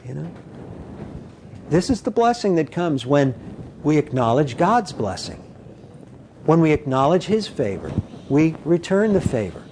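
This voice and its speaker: A man preaching a conversational sermon, animated and full of "you know", acting out quoted voices. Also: unhurried, pauses often, a little hiss or hum. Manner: animated, acts out quoted voices with big pitch jumps.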